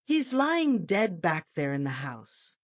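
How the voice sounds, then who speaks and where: A woman's voice: lowish voice, very animated, slow pace, dry recording, studio quality. A woman reading the part of a triumphant American male police chief who speaks emphatically. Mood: emphatic. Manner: emphatic, forceful.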